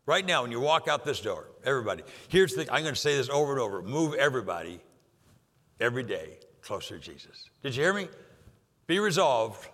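An older man preaching a sermon, emphatic and repetitive, pushing some lines loud and dropping others low for effect. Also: sing-song, a little fast. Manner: emphatic, rising and dropping for effect, repeats phrases. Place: church sanctuary. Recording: long hall reverb.

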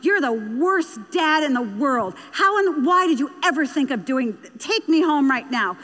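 A woman's voice: sits high, animated, measured pace, a bit bright. A woman voicing a fed-up teenage girl ranting at her father, recorded with a long hall reverb. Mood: angry. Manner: ranting, accusing.

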